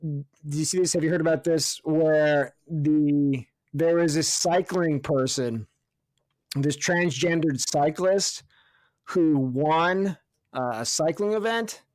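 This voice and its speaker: A man's voice: on the high side, takes it slowly, a little mellow, no echo. Jokey, laughing man on a dry mic. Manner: jokey, laughs often, swears. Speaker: podcast co-host. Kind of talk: casual sports chat.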